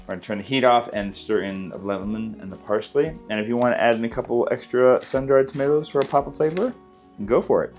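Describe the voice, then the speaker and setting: A man's voice: mid-range voice, fast, darkish tone, soft background music. A man hosting a casual cooking video, walking through a recipe in his home kitchen in an easygoing, chatty way. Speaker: cooking channel host.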